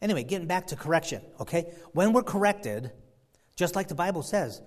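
Male pastor with a high voice, fervent sermon delivery, loud peaks and hushed asides. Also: expressive, fairly quick. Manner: fervent, swings between loud emphasis and quiet asides.

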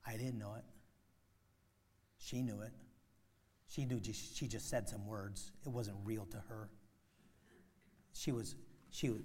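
A middle-aged man preaching a sermon as pastor, emphatic, with sudden loud rises and soft drops. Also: on the low side, fairly even intonation, unhurried, pauses often, slight background noise.

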